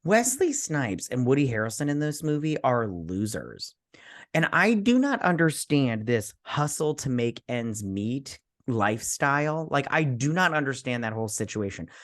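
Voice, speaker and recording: A man's voice: medium pitch, moderate pace. Tipsy guy rambling thru a movie review, voice bouncing all over the place. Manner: rambling, animated storyteller with many restarts. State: tipsy from drinking. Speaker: podcast co-host. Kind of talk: casual movie review chat.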